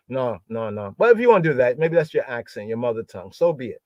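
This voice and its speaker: A man hosting a livestreamed bible word study, repeating key words slowly and often checking in with "right?". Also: mid-range voice, a little mellow, dry recording, lo-fi sound.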